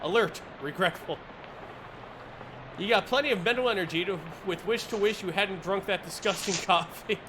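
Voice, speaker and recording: A man's voice: high-pitched, moderate pace, background noise. A man streaming a video game, reading its text aloud with jokey asides. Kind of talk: casual game commentary.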